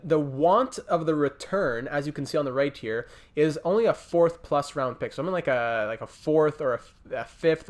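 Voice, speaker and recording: A young man giving casual, thinking-aloud commentary over a hockey video game as a gaming channel host. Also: medium pitch. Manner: thinks aloud, chatty, restarts and talks to teams. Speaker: gaming YouTuber.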